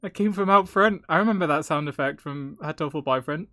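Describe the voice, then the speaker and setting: A man streaming a visual novel live, joking and laughing often, with quick asides. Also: on the high side, sharp tone, dry recording, clean studio sound. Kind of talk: casual live game commentary.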